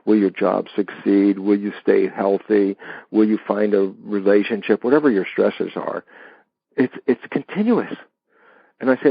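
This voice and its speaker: A man being interviewed, explaining ideas with lively stories and acted-out dialogues. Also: lowish voice, normal speed, gravelly, husky, no room sound, highs cut off. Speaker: interview guest. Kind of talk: animated explanatory interview talk.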